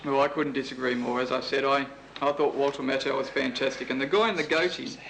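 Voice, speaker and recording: A man with an Australian accent hosting and interviewing a guest in a brisk, mock-serious way. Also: mid-range voice, steady tone, a bit bright, slight background noise, rough recording. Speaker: host.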